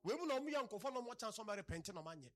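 A male preacher delivers an animated sermon, rising to loud exclamations and dropping to low asides. His voice sits fairly high and has a husky edge. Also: fast talker, faint music behind.

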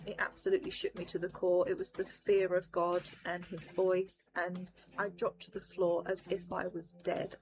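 Woman, mid-pitched voice, earnest testimony, intense delivery. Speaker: testimony giver. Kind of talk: personal testimony.

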